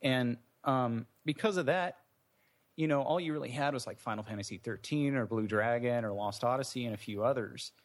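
A man's voice: mid-range voice, normal speed. A man, an indie game developer, answering interview questions in a thoughtful, meandering way with many fillers and restarts.

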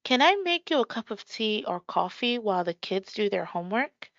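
A woman reading an audiobook, voicing a cheerful middle-aged mother in a bright, upbeat tone. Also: medium pitch, big pitch swings, moderate pace, dry recording. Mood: welcoming. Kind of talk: audiobook character voice. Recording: dry, slightly muffled.

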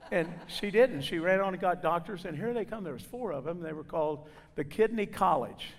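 A man's voice: high-pitched, expressive, fairly quick, creaky. A man preaching in a church, telling a personal testimony and acting out the people he quotes. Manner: storytelling, acting out quoted voices. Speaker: guest preacher. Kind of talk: sermon testimony. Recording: reverberant church hall.

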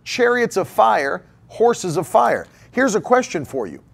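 A man's voice: high voice, very animated, unhurried, creaky, husky. A male preacher delivering a sermon emphatically, repeating key phrases and posing rhetorical questions to the congregation.

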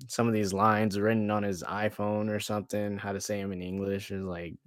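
A man's voice: lowish voice, flat delivery, a little fast, no room sound, studio quality. A man chatting casually about a fight, laughing often as he talks. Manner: laughs often while talking. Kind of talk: casual sports chat.

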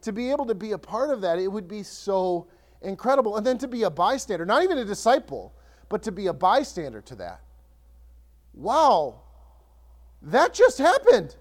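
A man preaching a sermon as pastor, conversational and animated, often restarting his sentences and acting out scripture. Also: high-pitched, quick pace.

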